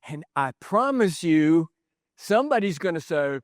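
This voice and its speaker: Animated man preaching a leadership sermon. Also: on the high side, a little slow, no room sound, studio quality. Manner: animated storyteller, acts out quoted voices, chuckles. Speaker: pastor speaking on leadership. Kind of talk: conference sermon.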